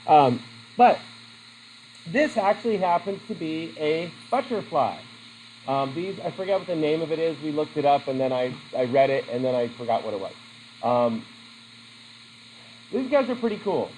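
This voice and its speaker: A man's voice: fairly high pitch, expressive, moderate pace, pauses often, a little mellow, slight background noise, poor audio. A man teaching a class in a classroom, chatty and asking his students questions. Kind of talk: classroom lesson.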